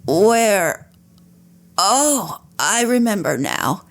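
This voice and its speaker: A woman's voice: mid-range voice, big pitch swings, drawn-out words, full character voice. Woman voicing a moaning, self-pitying man. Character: scheming grown man faking injury, moaning.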